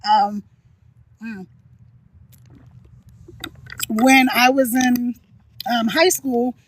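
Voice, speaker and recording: A woman's voice: fairly high pitch, steady tone, drawn-out words, slight background noise. A middle-aged woman from Philadelphia chatting casually to viewers on a livestream, laughing often and encouraging them. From Philadelphia, USA. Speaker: live streamer.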